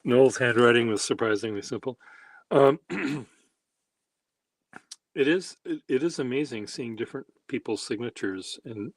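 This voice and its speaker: Slow, husky-voiced man musing aloud. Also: medium pitch, animated, no room sound. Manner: wry, self-deprecating, musing aloud. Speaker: pen workshop host. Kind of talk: casual rambling demonstration.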